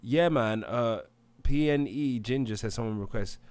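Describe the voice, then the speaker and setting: A man's voice: medium pitch, a little slow, a little mellow, clean tone, dry recording. A young British man hosting a casual live stream, reading viewer comments aloud and hyping the chat. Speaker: livestream debate host.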